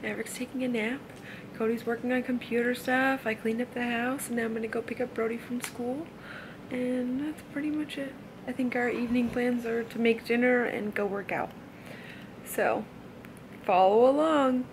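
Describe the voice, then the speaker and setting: High-voiced mom giving a relaxed vlog update. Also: female voice, normal speed. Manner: relaxed, easygoing daily recap. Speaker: family vlogger, mother. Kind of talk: casual home vlog update. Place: family home. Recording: home video with background noise.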